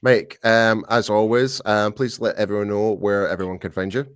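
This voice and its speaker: Man, UK, low pitch, dry close sound, casual podcast host, rambling restarts. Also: level tone, moderate pace, clean tone, no room sound. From United Kingdom. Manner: rambling, many restarts and fillers. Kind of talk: casual sports podcast chat.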